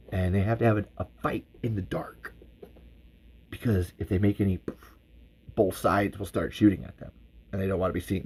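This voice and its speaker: A man hosting a podcast livestream, retelling a film with animated, profane storytelling. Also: on the low side, low-quality recording. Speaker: podcast host. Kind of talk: casual livestream commentary.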